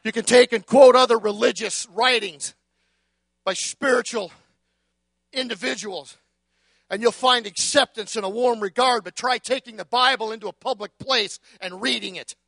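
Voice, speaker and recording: A male preacher with an extremely high, creaky voice delivers a fiery sermon at normal speed, captured in a dry recording. He shouts for emphasis and builds long repeated litanies, often stumbling over repeated words as he starts a phrase.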